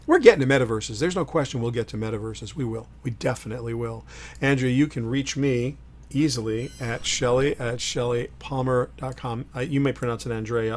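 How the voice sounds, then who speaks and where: A middle-aged man hosting a solo livestream, talking in an opinionated, emphatic way, swinging between loud punchy lines and quiet asides. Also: mid-range voice. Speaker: host.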